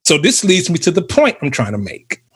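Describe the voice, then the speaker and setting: A man co-hosting a casual ministry podcast, telling animated stories and acting out quotes. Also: on the high side, fairly quick, breathy edge. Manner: animated storyteller, acts out quotes. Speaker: podcast co-host. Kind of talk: casual chat about ministry.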